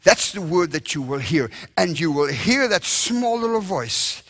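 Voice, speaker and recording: Male evangelist, revival sermon, lively swooping delivery, impassioned, emphatic. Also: on the high side, unhurried. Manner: impassioned, emphatic preaching with sudden loud bursts. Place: church revival service.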